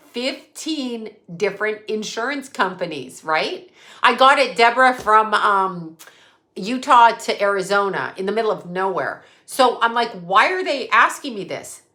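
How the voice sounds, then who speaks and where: Woman, livestream host, casual chat to viewers, bright tense voice, swears a lot, rambling. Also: mid-range voice. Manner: profane, rambling, talks straight to chat. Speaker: psychic medium livestream host.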